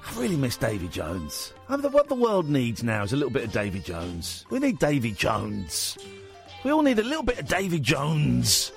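Male phone-in host, bouncy high voice, music under him. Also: moderate pace, gravelly. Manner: animated, jokey, laughs a lot. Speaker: radio host. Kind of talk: late-night phone-in radio chat. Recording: radio studio with music bed.

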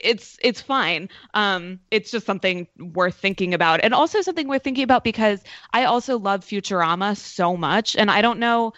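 A woman's voice: medium pitch, a bit bright, dry recording, dull audio. A woman in a casual podcast discussion, thinking aloud with many filler words and restarts. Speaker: podcast panelist.

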